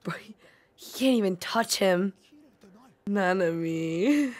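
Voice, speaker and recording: A woman's voice: mid-range voice, lively intonation, takes it slowly, a little mellow. A young woman reacting live to an anime episode, gasping, swearing and pleading at the screen.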